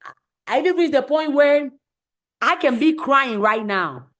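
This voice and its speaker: With a high, expressive and slightly bright voice, this motivational live stream host takes her time, pressing her points hard and repeating phrases. She performs the voices of anyone she quotes.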